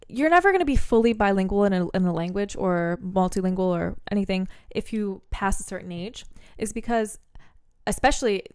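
A woman chatting casually on a podcast, explaining ideas in a rambling way and often restarting her sentences to correct herself. Her voice has a middling pitch and sits dry and close, with no room sound around it. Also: lively intonation, moderate pace, clean tone, dry recording. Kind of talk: casual chat.

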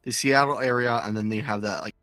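A man co-hosting a podcast, reading listener comments aloud in a casual, halting way. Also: medium pitch, fairly even intonation, fairly bright tone, no echo, faint music behind. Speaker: podcast co-host. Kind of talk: casual chat.

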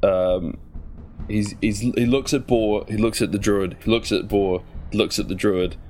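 A low-pitched man playing a tabletop game, casual and hesitant, full of questions. Light music plays faintly underneath. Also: steady tone, measured pace, darkish tone. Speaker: player.

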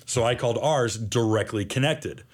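A man's voice: mid-range voice, moderate pace. Man, magazine publisher, podcast guest, storyteller, mimics voices in his stories. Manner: lively storyteller acting out quoted voices. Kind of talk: storytelling interview chat.

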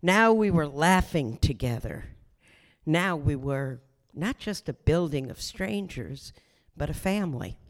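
A man finishing a personal story on stage, speaking slowly and deliberately. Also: fairly high pitch, expressive. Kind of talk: closing a told story.

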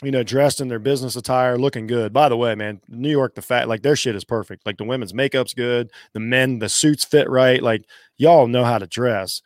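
A man co-hosting a podcast in casual chat, rambling and animated, swearing now and then. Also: medium pitch, moderate pace, no echo, clean studio sound. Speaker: podcast co-host.

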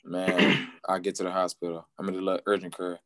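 A man's voice: sits low, completely flat delivery, brisk, fairly bright tone, no echo. A man in his twenties, a guest casually telling a story in a slangy, repetitive way and quoting what people said. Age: 20s. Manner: slangy, repeats himself, quotes people.

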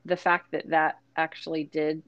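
Lower-pitched woman thinking aloud on a podcast. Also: flat delivery, lo-fi sound, a crowd in the background. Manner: thoughtful, self-searching, quick asides. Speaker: podcast co-host. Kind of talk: casual conversational podcast.

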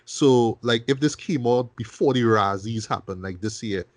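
Animated man in casual film review chat. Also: mid-range voice, normal speed, no room sound. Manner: animated, profane, keeps asking "right?"; restarts and repeats words. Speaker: film review podcast host.

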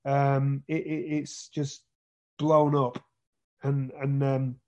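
A British actor, a man, chats casually in an interview about his acting career, restarting often and repeating words. His mid-range voice is dark in tone and slow, with a flat delivery, and the audio sounds dull.

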